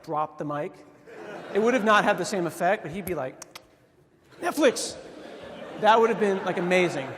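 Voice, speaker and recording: A man with a fairly high voice tells a funny story on a conference stage and slips into quick voices for the people in it. The sound rings with the long echo of a large hall. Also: a little hiss or hum. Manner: animated storytelling with quoted voices. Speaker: conference speaker. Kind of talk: humorous conference talk. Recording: reverberant hall.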